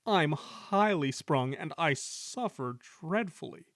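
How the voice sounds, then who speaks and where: A man's voice: a little high, lively intonation, slow pace, a bit bright, no echo, clean studio sound, voice pushed up. A man voicing a grumbling, self-pitying male steam engine in a storybook reading, with a whiny, sheepish manner.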